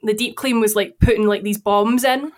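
A woman's voice: mid-range voice, fairly even intonation, normal speed. A young woman co-hosting a casual podcast, talking chattily with lots of filler likes. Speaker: podcast co-host. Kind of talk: casual chat.

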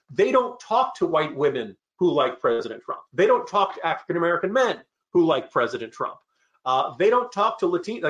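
A man's voice: fairly high pitch, a bit bright. A middle-aged man speaking as a panelist in a political discussion, with sardonic asides.

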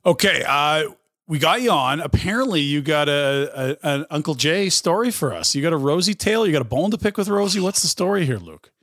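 Man, podcast co-host, fast talker, joking, slightly high pitch. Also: animated, fairly bright tone, dry recording, studio quality. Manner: quick, joking interjections. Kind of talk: casual chat.

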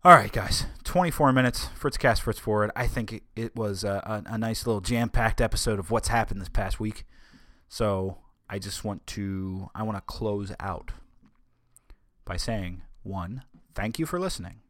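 A man's voice: on the low side, moderate pace, fairly bright tone, dry recording, studio quality. A man hosting a solo podcast in a casual monologue, rambling, stumbling over his words and making wry asides. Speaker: podcast host.

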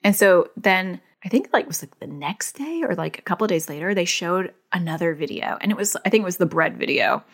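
A woman with a slightly low voice talks through parenting advice in a relaxed monologue. She is earnest and chatty, with "like" scattered through her sentences, and she sounds like a therapist who is also a parent. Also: brisk, gravelly, few pauses. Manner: chatty, many "like" fillers, earnest.

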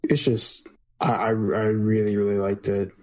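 Low-voiced man, relaxed podcast chat. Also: a little slow. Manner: relaxed, hesitant with many restarts. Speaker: podcast co-host. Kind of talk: casual chat.

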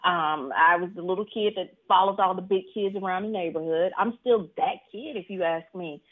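A woman from Mississippi, an author, telling stories in an animated way from home, laughing often and acting out what people said. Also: normal speed. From Mississippi, USA. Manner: animated, laughs often, acts out quotes in a higher voice. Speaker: author being interviewed. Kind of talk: casual storytelling interview. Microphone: video call. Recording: tinny video-call audio.

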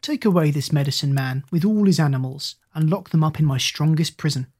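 A man's voice: a little high, fairly quick, a little mellow, slightly rough. A reader voicing a stern, proud king in a storybook.

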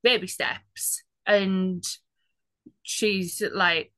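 A woman's voice: fairly low pitch, moderate pace, a bit bright, no room sound. A woman telling her own story as an interview guest, chatty and casual, with quoted asides.

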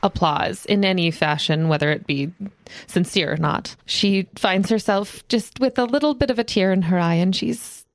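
A woman's voice: mid-range voice, moderate pace, no room sound, lightly acted. A woman voicing a proud, prickly preacher with curt, dry retorts in a role-play podcast. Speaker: player.

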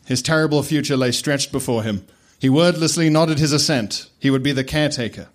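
A man narrating a comic story deadpan and often laughing. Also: medium pitch, brisk, a little hiss or hum.

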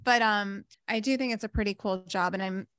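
A woman's voice: brisk, clean tone, no echo. Chill woman podcast host saying like a lot, dry sound. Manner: even, low-key tone, lots of "like" fillers. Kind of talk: casual chat.

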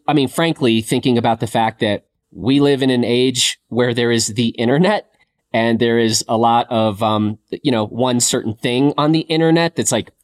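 A man co-hosting a podcast, leading a relaxed film chat and thinking aloud with fillers. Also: mid-range voice. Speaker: podcast co-host. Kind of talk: casual film discussion.

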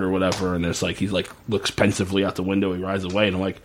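A man co-hosting a casual podcast chat, sarcastic and quick to laugh, swearing freely. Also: sits low, completely flat delivery, a little hiss or hum. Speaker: podcast co-host. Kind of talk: casual chat recapping a TV episode.

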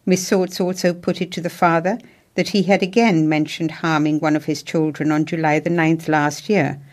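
A woman reads the day's headline and a court story. Her voice sits on the low side for a woman. She keeps a steady, formal news delivery. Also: normal speed. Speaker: news reader.

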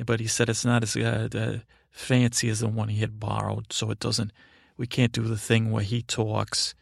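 A man playing a sweet, slow, gentle man who rambles dully on a comedy podcast. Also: on the low side, completely flat delivery, gravelly, no echo, clean studio sound. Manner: meandering, rambling and dull. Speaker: recurring comedy character. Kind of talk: improvised comedy podcast bit.

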